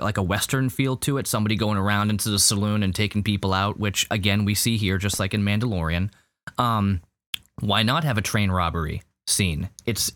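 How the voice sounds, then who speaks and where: Low-voiced rambling man, dry close mic. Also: a bit bright, no room sound. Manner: rambling, full of fillers and restarts. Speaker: podcast co-host. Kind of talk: casual review chat.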